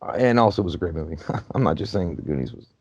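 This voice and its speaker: A man's voice: sits low, animated, very fast, slightly rough, no room sound. A man talks through a movie in a loose, profane, joking way, riffing on what is on screen. His voice sits in the middle range. The recording is dry and a little dull, as if made on a basic home mic. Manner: profane, joking, riffs on the film. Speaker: movie commentary host. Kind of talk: casual movie commentary.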